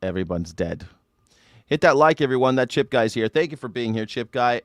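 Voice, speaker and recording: A man's voice: mid-range voice, expressive, moderate pace. Mocking guy riffing on the news, dry close sound, no room echo. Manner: irreverent, mocking, sarcastic ranting. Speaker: host. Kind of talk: live news reaction commentary.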